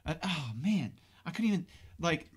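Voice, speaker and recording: A man's voice: a little high, lively intonation, moderate pace, slightly rough. Laid-back man with folksy exclamations. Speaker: podcast co-host. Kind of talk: casual chat.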